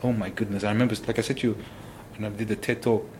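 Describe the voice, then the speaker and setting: A man, a former footballer, telling stories in an interview, animated and full of exclamations. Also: lowish voice, racing, a little hiss or hum. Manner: animated, exclaims often, restarts sentences. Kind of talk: casual interview storytelling.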